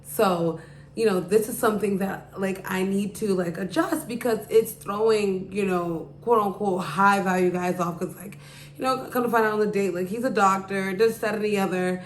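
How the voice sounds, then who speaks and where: A woman's voice: medium pitch, fairly even intonation, normal speed, a little hiss or hum. A woman hosting her podcast, telling a story casually, full of "like" and "you know". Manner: rambling, heavy use of "like" and "you know". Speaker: podcast host. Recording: echoey room.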